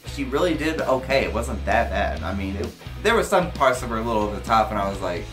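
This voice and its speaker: Talking fast, a young movie reviewer delivers a loose, casual vlog review. He's excitable and emotional, cursing without hesitation, his voice shooting up in pitch when he gets carried away, while soft music plays faintly in the background.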